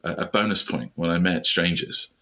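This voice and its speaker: A middle-aged man with a British accent chats as a podcast guest. His voice sits very low yet carries a bright, forceful edge. He tells stories with dry, self-deprecating humour. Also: moderate pace. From Britain. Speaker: startup founder, guest. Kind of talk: podcast interview, conversational.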